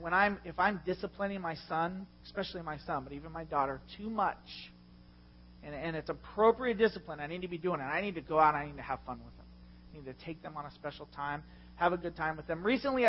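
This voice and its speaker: A middle-aged man preaching a sermon as a pastor, passionate and confessional, with loud swells. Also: a little high, lo-fi sound, a little hiss or hum. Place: church.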